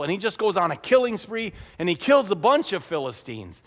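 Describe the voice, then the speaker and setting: A man's voice: high voice, very animated, a little fast. A man preaching a sermon as pastor, retelling a story in a humorous, conversational way. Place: church sanctuary. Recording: echoey church hall.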